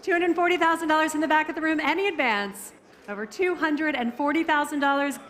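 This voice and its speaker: A woman working as an auctioneer, calling bids briskly and teasing the bidders in a live auction room. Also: sits high, a bit bright.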